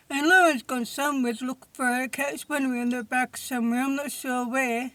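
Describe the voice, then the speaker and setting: A woman's voice: high-pitched, fairly even intonation, moderate pace, few pauses, fairly bright tone, no room sound. A woman telling a storytime vlog in a chatty, rambling way, often saying "I mean". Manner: chatty, rambling, fills with "I mean" and "you see what I mean". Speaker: vlogger.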